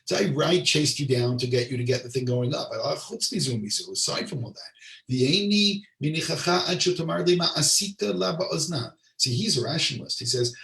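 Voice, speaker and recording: Gravelly rabbi teaching in a roomy space. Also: male voice, a little high, lively intonation, a little fast, fairly bright tone. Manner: translates Hebrew line by line, asides to audience. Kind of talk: Torah class storytelling. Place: lives in Israel. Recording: roomy sound, distant mic.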